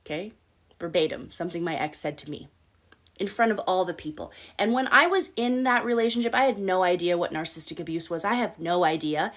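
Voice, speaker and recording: A woman's voice: on the low side, moderate pace, a bit bright. A woman life coach hosting a live-stream advice talk, speaking bluntly with casual swearing and often checking in with "okay?". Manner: blunt, profane, direct coaching tone; addresses listeners with frequent "okay?" check-ins.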